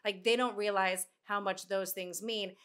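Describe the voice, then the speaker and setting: A woman in her thirties, a sports broadcaster, chatting as a podcast guest and telling lively stories. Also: medium pitch, moderate pace. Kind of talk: casual chat.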